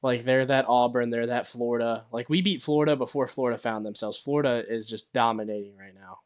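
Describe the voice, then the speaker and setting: A man co-hosting a casual sports podcast, giving quick running updates on race positions and basketball stats. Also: mid-range voice, steady tone, clean tone. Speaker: podcast co-host.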